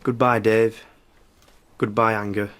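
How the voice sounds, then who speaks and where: An actor playing a subdued man who reads aloud a letter to his own anger in a careful, flat way. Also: lowish voice, measured pace, clear, resonant tone. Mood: solemn. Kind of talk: sitcom acting.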